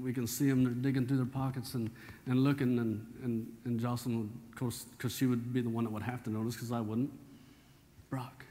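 A man's voice: medium pitch, dark tone. A man, preaching a sermon as pastor in a folksy, conversational storytelling way. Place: church sanctuary. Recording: church hall reverb.

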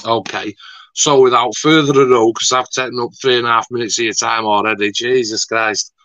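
A man's voice: mid-range voice, fairly even intonation, brisk, sharp tone, no echo, lo-fi sound. A man interviewing a guest in a rambling, chatty, mildly sweary way. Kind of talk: casual video-call interview.

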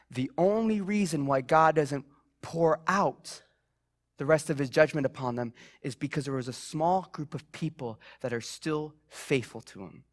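A young man preaching a sermon in a church, telling stories about himself in a chatty, self-mocking way with many fillers. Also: a little high.

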